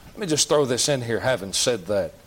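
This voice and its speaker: A man's voice: mid-range voice, animated, brisk, slightly rough. A man preaching a sermon in a church, folksy and plain-spoken, asking the congregation question after question. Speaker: pastor.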